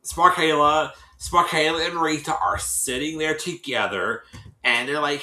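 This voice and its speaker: A man's voice: fairly high pitch, normal speed, pushed and bright, echoey room, rough recording. A man casually retelling a reality-show episode to his viewers, rambling, restarting his sentences and acting out what people said. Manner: rambling, repeats and restarts, acts out quotes. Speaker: vlogger recapping a reality show.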